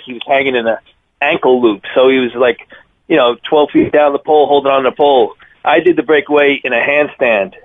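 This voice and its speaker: A man in his fifties with a thick Long Island accent, telling his circus stories in an energetic, rambling way as a radio interview guest. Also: medium pitch, dry recording. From Long Island, New York. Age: 50s. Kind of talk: phone interview. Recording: tinny phone line.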